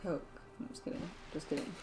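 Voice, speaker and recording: A woman's voice: fast talker, dark tone, slight background noise. A woman co-hosting a gaming stream, chatting casually with teasing, joking banter. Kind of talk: casual chat while gaming.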